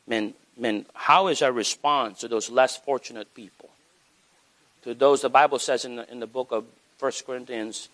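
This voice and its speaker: A man preaching a sermon as pastor, animated, with wide swings in pitch for emphasis.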